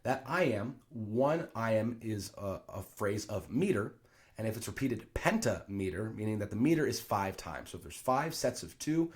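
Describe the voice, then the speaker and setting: Male teacher, low register, very expressive delivery, casual explainer with frequent asides. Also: moderate pace. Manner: animated, thinking aloud with fillers and asides.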